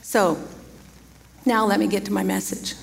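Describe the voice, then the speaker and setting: A woman's voice: mid-range voice, steady tone, a little slow, creaky, slight background noise. A woman preaching a sermon, telling a personal story in a chatty way, laughing often and acting out quoted dialogue. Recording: reverberant hall.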